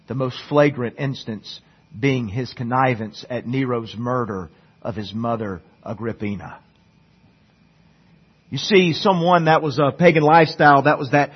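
A man preaching a sermon as a pastor. He talks earnestly, swinging between loud emphatic peaks and soft low passages, and often repeats a word as he starts a line. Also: normal speed, slightly rough. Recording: dull lo-fi sermon recording.

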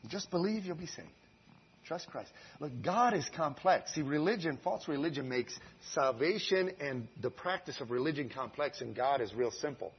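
A man preaching a sermon, telling the story with animated swings from hushed to loud. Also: on the high side, moderate pace, slightly rough, muffled recording. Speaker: guest preacher.

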